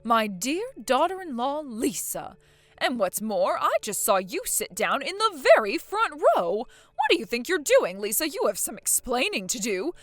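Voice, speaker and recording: A woman's voice: a little high, big pitch swings, moderate pace, no room sound. A woman voicing a scheming, pompous mother-in-law in a voiced story drama, haughty and accusing. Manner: haughty, accusing, self-pitying.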